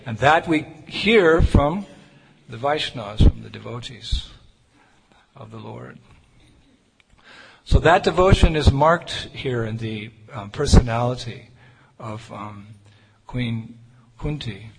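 Male preacher, earnest storyteller, mid-pitched voice, long reverb and faint hiss in the room. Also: expressive, slow pace, vocal fry. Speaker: Hare Krishna preacher. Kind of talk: sermon with personal storytelling. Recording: reverberant hall with faint noise.

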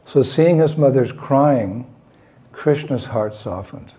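A man giving a devotional talk, telling a scripture story in a measured way and acting out its characters. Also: mid-range voice, lively intonation, warm tone. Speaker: devotional speaker.

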